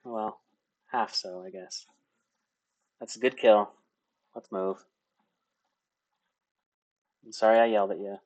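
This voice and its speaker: A man's voice: on the low side, steady tone, slow pace, pauses often. A man voicing a jumpy, bossy male companion in a tabletop game, urging the group on. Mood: apologetic. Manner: shouting and urgent.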